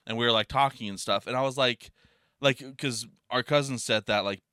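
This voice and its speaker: A man's voice: mid-range voice, a little fast, sharp tone, clean tone, dry recording, studio quality. A man co-hosting a podcast in casual, rambling chat, full of fillers and swearing.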